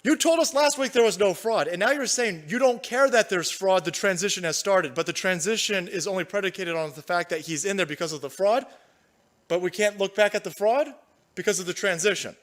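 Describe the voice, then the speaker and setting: This is a man with a notably high voice hosting his own live commentary stream. He is furious and profane, firing combative jabs and repeating lines for effect. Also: a little fast, a bit bright. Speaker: livestream political commentator.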